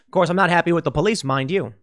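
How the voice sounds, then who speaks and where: A man's voice: fairly high pitch, racing. A man giving opinion commentary, talking emphatically and acting out quoted remarks in a raised voice. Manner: animated, emphatic, with restarts and quoted asides. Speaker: political commentator.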